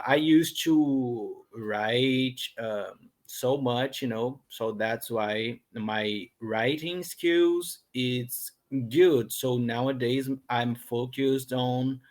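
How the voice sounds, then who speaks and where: A young Brazilian man with a Brazilian accent, a Portuguese speaker talking in English on a video call as a student, hesitant and full of fillers and restarts. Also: mid-range voice. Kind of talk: online English lesson conversation. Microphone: computer headset or laptop mic on a video call.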